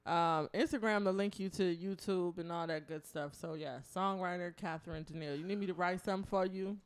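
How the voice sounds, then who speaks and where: Smooth-voiced upbeat songwriter lady, guest on a radio show. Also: lowish voice, steady tone, fairly quick. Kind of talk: casual radio guest chat.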